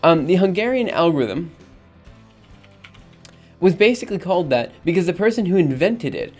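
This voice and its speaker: Upbeat male streamer, a touch high-pitched, chats loosely with viewers while coding; soft music under him. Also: sing-song, moderate pace. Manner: rambling, upbeat, lots of fillers and laughs. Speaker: livestream host. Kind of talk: casual coding livestream chat.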